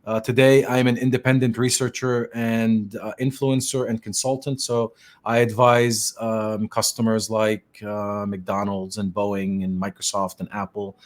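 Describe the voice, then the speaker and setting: A middle-aged man from Lebanon hosts a casual podcast. He talks in a relaxed, chatty way, circling back and filling pauses as he explains things. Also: lowish voice. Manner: chatty and easygoing, many fillers and restarts. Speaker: podcast host and tech consultant.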